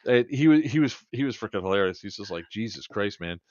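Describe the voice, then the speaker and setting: A man's voice: medium pitch, fast talker, no room sound, dull audio. A man co-hosting a podcast, telling a long funny story in a casual chat and quoting people back and forth. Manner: animated anecdote-telling, quoting others in dialogue. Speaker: podcast co-host.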